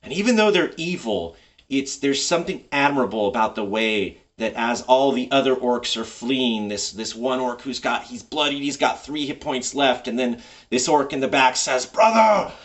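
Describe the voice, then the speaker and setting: A man giving casual, enthusiastic advice as a tabletop game master, rambling a little as he thinks out loud. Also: medium pitch, normal speed, recorded from a distance.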